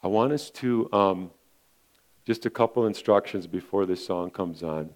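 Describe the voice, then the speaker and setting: A man's voice: low-pitched, a little slow. A male pastor preaching a sermon in an earnest, repetitive way, often calling his listeners friends.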